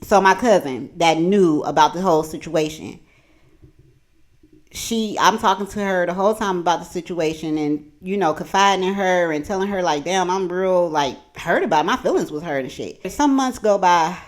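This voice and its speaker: A woman vlogger telling a storytime in casual chat, animated and profane, talking from her home kitchen. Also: lowish voice, moderate pace.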